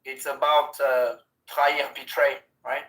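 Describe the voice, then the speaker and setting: Adult student on an online lesson call, halting and careful, medium pitch, echoey room sound. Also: level tone, fairly bright tone, far from the mic. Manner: hesitant, searching for words. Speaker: language learner. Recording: roomy echo.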